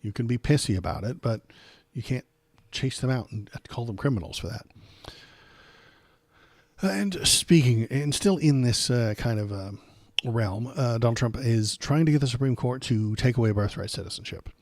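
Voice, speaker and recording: A man's voice: medium pitch, animated, moderate pace, darkish tone, no room sound. A man hosting a live political stream, reading headlines and reacting in casual commentary, sarcastic and indignant, with many fillers.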